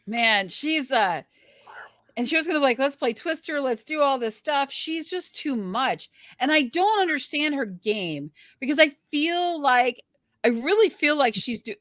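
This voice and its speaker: Higher-voiced woman leading a podcast. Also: lively intonation, a little slow, fairly bright tone, dry recording, clean studio sound. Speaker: podcast host. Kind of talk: casual chat recapping a reality show.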